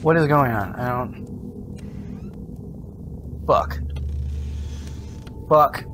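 A man's voice: mid-range voice, drawn-out words, noisy background. A young adult man streaming a horror game, chatting casually to viewers and breaking into jumpy, swearing outbursts. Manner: jumpy, swearing outbursts and rambling asides to chat. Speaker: gaming streamer. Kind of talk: casual livestream commentary.

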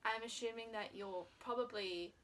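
Young woman, twenties, casual chat, giggly, rambling, bright tone. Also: fairly high pitch, normal speed. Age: 20s. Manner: giggly, filler-heavy, rambling questions. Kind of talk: casual chat between friends.

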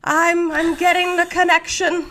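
Gal doing a gushy spirit medium lady, way up high, all breathy and dramatic. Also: level tone, unhurried, fairly bright tone. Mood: swooning. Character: gushing theatrical female spirit medium.

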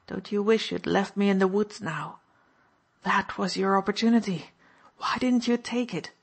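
A woman's voice: medium pitch, moderate pace, slightly rough. A woman reading an audiobook, voicing a weak, wounded male officer who snarls and taunts with open hostility. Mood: taunting. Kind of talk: audiobook narration.

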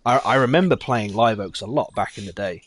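A man giving casual, rambling commentary while streaming a game, chatting easily and getting excitable when the action heats up. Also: fairly low pitch, brisk. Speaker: gaming streamer.

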